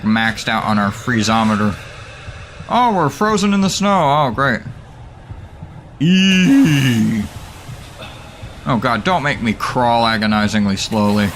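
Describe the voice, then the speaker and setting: A man hosting a gaming channel, giving excitable, jokey let's play commentary that is full of swearing and laughter. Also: medium pitch, a little hiss or hum.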